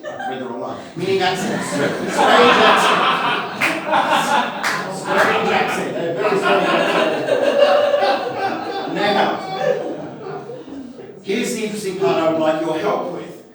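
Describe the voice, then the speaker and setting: A man's voice: sits high, animated, slow, pauses often. A man doing live stand-up comedy in character, chatty and self-deprecating, with asides to the crowd. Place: comedy festival stage before a live audience. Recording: echoey venue, mic at a distance.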